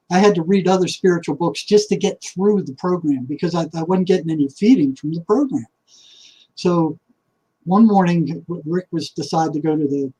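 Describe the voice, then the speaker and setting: An older man, a retired therapist, telling a personal story in a casual, halting way, repeating words and acting out the voices in his head. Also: on the high side, a little mellow, breathy edge, rough recording. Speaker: retired psychotherapist.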